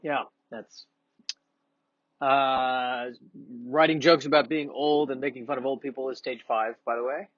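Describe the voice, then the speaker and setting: A man's voice: mid-range voice, steady tone, a little slow, no echo, dull audio. Sniffly, self-mocking man rambling. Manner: self-deprecating, rambling with many restarts. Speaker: comedian vlogger. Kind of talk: casual rambling monologue.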